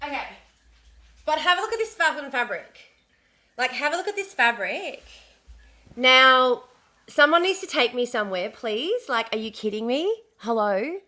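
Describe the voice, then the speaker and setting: A woman hosting a casual livestream, chatty and bubbly, a little hoarse as her voice comes back after being sick. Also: high-pitched, very animated, moderate pace, bright, forceful tone. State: recovering from lost voice, slightly hoarse. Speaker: livestream host.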